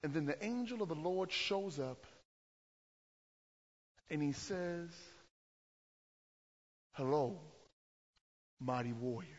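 A high-pitched man with a husky voice preaches a sermon, rambling and conversational, often restarting his sentences. The sound carries a long hall echo and is dull and lo-fi. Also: lively intonation, slow, pauses often. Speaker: pastor.

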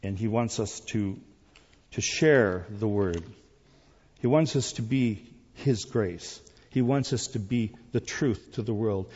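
A man preaching a sermon with a dark, husky voice, swinging from emphatic lines to soft asides. His voice rings with long reverb, as in a large hall. The sound is a little dull. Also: lowish voice, slow. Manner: rising to emphatic, then dropping to quiet asides. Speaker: pastor.

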